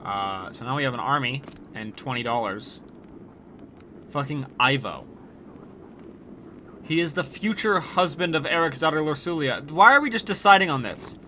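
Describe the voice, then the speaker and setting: A man's voice: on the high side, expressive, normal speed, pauses often, pushed and bright, slight background noise. A man streaming a video game, giving casual commentary full of swearing and exasperated ranting. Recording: game music behind the voice.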